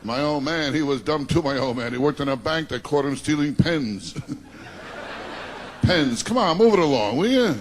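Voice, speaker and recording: A stand-up comedian from Long Island, rattling off self-deprecating one-liners and teasing the crowd. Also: male voice, fairly high pitch, lively intonation, a little slow, a little hiss or hum. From Long Island, New York. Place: comedy stage before a live audience. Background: audience laughter.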